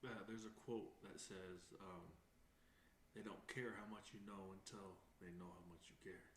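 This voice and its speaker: Host: man, very deep voice, quiet, echoey room with faint noise. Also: steady tone, moderate pace. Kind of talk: casual interview chat.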